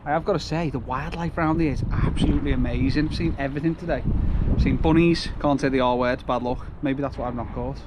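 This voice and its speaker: Grumbling angler in loud wind. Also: male voice, mid-range voice, fast. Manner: chatty, grumbling and self-mocking. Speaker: fishing vlogger. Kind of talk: casual vlog to camera. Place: outdoors on a windy riverbank. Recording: loud wind noise on the mic.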